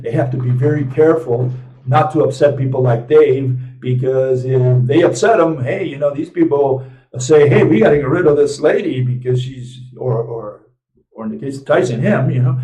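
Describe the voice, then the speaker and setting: A man's voice: mid-range voice, darkish tone, distant mic. Rambling man, echoey room. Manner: rambling, many fillers and restarts, asks "right?" and "okay?" often. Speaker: host of a physics commentary live stream. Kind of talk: casual commentary monologue. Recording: roomy echo, speaking from away from the mic.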